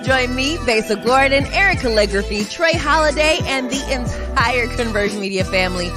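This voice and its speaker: A woman's voice: fairly high pitch, expressive, normal speed. A woman reading a scripted event promo in an upbeat, inviting way. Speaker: promo announcer. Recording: hip hop music underneath.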